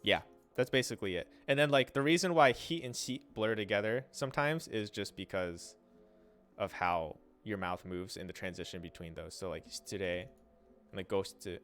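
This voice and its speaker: A young man casually explaining Japanese pronunciation on a livestream, trailing off, restarting and sounding out syllables slowly. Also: lowish voice, fairly bright tone, clear, resonant tone, faint music behind. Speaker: streamer teaching Japanese.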